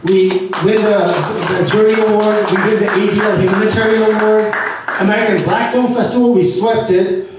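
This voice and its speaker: A man speaking at an entrepreneur meet-up, telling a lively story and acting out what people said. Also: high voice, moderate pace, background noise. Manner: animated storyteller acting out dialogue. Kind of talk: animated storytelling talk. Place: event venue. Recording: echoey room from far off with faint ambience.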